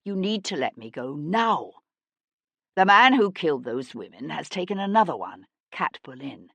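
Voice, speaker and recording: A woman voicing an intense, earnest young aristocrat detective who speaks low and urgently and swears when angry. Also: sing-song, normal speed, pushed and bright, no echo, exaggerated voice.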